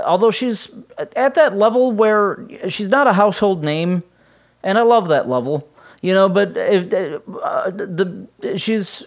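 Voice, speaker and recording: Man, fairly high voice, casual solo podcast, rambling and chatty, home recording. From United States. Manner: rambling, chatty, frequent fillers and restarts. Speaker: podcast host. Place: home room with his cats.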